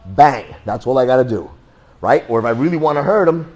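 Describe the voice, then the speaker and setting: A man teaching a self-defense class in a blunt, joking, animated way. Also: medium pitch, fairly quick. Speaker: martial arts instructor.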